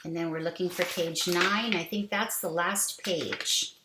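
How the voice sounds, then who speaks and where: A woman teaching a kindergarten reading lesson, reading a simple book aloud slowly and deliberately for young children to follow. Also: lowish voice, fairly even intonation, reverberant, heavy background noise.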